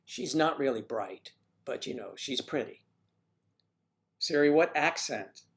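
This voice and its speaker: Male livestream host, mid-pitched, loose jokey rambler, talking from home. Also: expressive, unhurried, fairly bright tone. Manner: chatty, joking, drifting between topics. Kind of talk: casual rambling chat.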